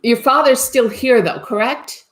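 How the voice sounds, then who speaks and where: A woman's voice: on the high side, a little slow, fairly bright tone. A woman working as a psychic medium, giving a live reading in a tentative, reassuring way and often checking whether she has things right.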